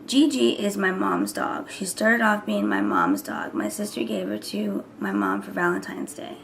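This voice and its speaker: A woman's voice: medium pitch, expressive, moderate pace, vocal fry, a bit bright, a little hiss or hum. A woman in her thirties chatting casually to camera as a vlogger, rambling and sometimes dropping into whispers. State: voice recovering from hoarseness. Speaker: vlogger and mother.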